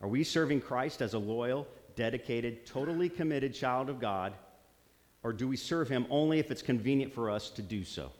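A man's voice: mid-range voice, moderate pace. A man preaching a sermon, earnest, repeating phrases for emphasis. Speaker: pastor. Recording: long hall reverb.

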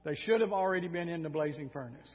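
Male pastor, sermon, high voice, lively and sarcastic, muffled sound. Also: fast talker. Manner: animated storytelling, sarcastic asides. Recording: dull sound in a reverberant hall.

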